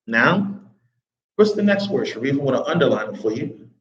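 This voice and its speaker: A man's voice: mid-range voice, big pitch swings, moderate pace. A man teaching an Arabic grammar class, constantly quizzing his students with "what?" prompts. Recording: roomy, dull classroom recording.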